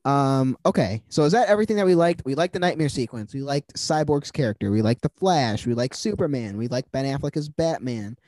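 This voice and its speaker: Male podcast host, lively, profane banter, dry close sound. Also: medium pitch, brisk, hardly any pauses, no room sound. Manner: joking, profane, animated. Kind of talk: casual chat.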